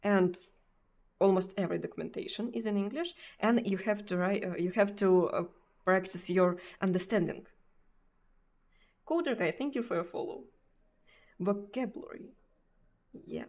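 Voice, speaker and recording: Russian-accented woman streaming, halting english w lots of pauses, bit of fry in the voice. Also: medium pitch, darkish tone. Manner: hesitant, halting, with frequent pauses and restarts; laughs often between sentences. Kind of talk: casual live-stream chat.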